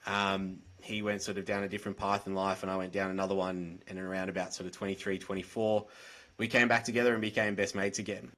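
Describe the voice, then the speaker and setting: A man with an Australian accent speaks in a somewhat low register. His talk is direct and earnest, the frank conversational way of a podcast guest. He sounds like he is on a video call. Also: flat delivery, quick pace, fairly bright tone. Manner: direct, earnest, plain-spoken. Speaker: podcast guest, mental health advocate. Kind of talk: candid conversational storytelling.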